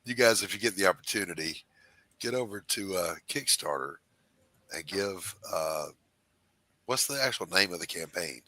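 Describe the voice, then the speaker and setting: A man's voice: low voice, expressive, normal speed, bright, forceful tone, no room sound, rough recording. A man with a Southern American accent hosting a casual streamed chat show, joking and teasing his guests in wry banter. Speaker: podcast host.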